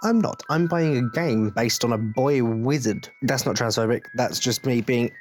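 A man's voice: mid-range voice, normal speed, soft background music. Blunt, swearing English man ranting. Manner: blunt, jokey, swearing freely. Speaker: podcast host. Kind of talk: casual rant.

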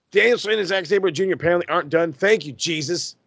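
A man co-hosting a podcast in casual chat, excitable, profane and gushing. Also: a little high, brisk, vocal fry, slightly rough, no room sound. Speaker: podcast co-host.

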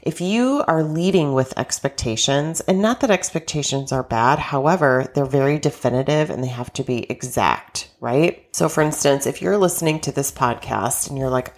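A woman's voice: rumbling low, lively intonation, moderate pace, few pauses. A woman hosting a self-help coaching podcast, talking in a chatty, upbeat way with a stuffy, congested voice. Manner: chatty, upbeat, with small restarts.

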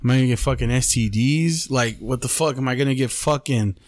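A man hosting a podcast spins a rambling story in loose, profane slang, with "bro" and "dude" sprinkled through every sentence. His voice sits at an ordinary pitch for a man, and the sound is dry and close with no room echo. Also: a little fast, a little mellow. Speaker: podcast host. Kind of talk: casual storytelling chat.

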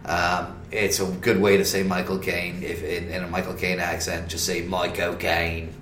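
A man from Kansas co-hosting a comedy podcast, rambling with stammered restarts and deadpan jokes. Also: sits low, moderate pace, reverberant, a little hiss or hum. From Kansas, USA. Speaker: podcast co-host. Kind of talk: casual comedic chat.

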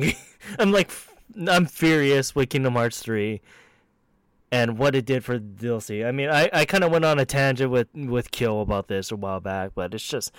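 A man in casual chat about video games who laughs often and rants with animated energy. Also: medium pitch, smooth, no room sound. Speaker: co-host.

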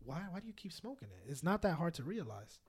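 Animated young man telling stories. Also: fairly high pitch, fast talker, husky. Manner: animated, swearing, laughing storyteller. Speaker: podcast co-host. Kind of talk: casual storytelling chat.

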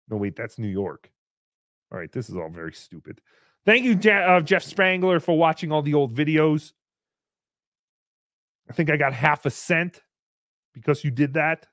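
A male livestream host with a fairly high, very lively voice, ranting and mocking in a casual tone, jumping from shouts to low mutters. His voice sounds close and dry, with no room behind it. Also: normal speed, pauses often, dry recording. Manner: mocking, animated, swings between shouting and muttering. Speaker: livestream host reading paid chat messages.

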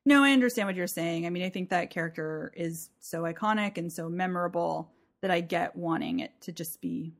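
A woman's voice: on the low side, fairly quick, gravelly, few pauses. A woman co-hosting a podcast in casual chat, mostly giving short agreeing replies. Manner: agreeable, lots of short affirmations. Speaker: podcast co-host.

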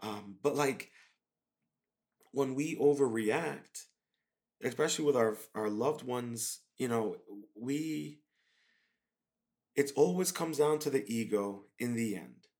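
A man's voice: mid-range voice, slow, long pauses, darkish tone. A man hosting his own podcast, talking in a laid-back, rambling way with many fillers. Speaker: podcast host. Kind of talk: casual monologue.

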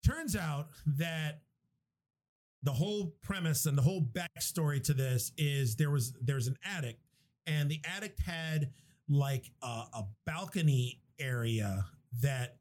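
Speaking at a measured pace, a young man whose voice sits slightly above the typical male range animatedly retells a film to a co-host. The chat is casual, and he swears freely, rambling and restarting as he goes.

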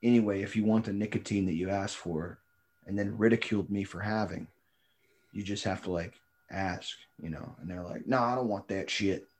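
A man's voice: on the low side, steady tone, normal speed, darkish tone. A young man in casual chat, telling a rambling work story full of fillers and imitating his coworkers.

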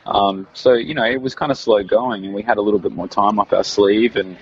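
A man's voice: fairly low pitch, steady tone, brisk, breathy edge. An Australian man, around his thirties, chatting casually as an interview guest, rambling with lots of fillers and restarts. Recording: dull lo-fi recording.

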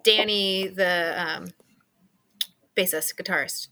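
A woman's voice: fairly low pitch, sharp tone, slight background noise. A woman who is a guest on a casual podcast, telling stories playfully and chiming in with giggles. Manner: giggly, playful, quick to chime in. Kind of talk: casual storytelling interview.

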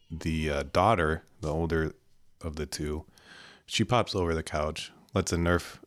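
Low-voiced young man, casual podcast chat. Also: no echo. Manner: laughs often, storytelling, crude humor. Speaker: podcast co-host.

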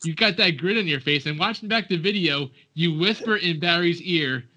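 Excited guy interviewer, sharp bright voice, total fanboy asking for stories. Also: fairly high pitch, normal speed, dull audio. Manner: enthusiastic fan, fond recollections and prompting questions. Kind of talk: casual interview.

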